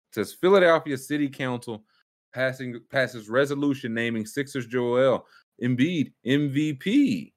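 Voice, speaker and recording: A man's voice: medium pitch, unhurried. A man co-hosting a casual sports betting chat, laid-back and slangy. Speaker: co-host.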